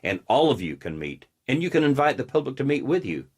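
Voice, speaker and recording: A man's voice: medium pitch, sing-song, quick pace, breathy edge. A man hosting his own show, giving a blunt, combative political commentary monologue. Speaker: host.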